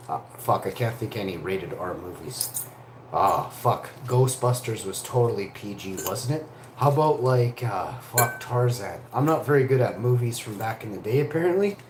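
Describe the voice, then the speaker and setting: Canadian guy in his 40s rambling and cussing through old stories, echoey room, faint hiss. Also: fairly low pitch. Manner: rambling, profane, storytelling. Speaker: livestream host. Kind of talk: rambling casual monologue.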